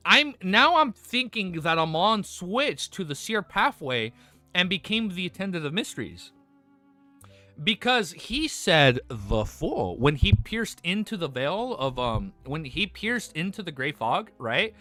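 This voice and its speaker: Excitable young man streaming, overstimulated. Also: high voice, a little slow, soft background music. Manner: animated, rambling, swears, laughs often, talks to chat. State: overexcited and lightheaded. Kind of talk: excited casual livestream chat.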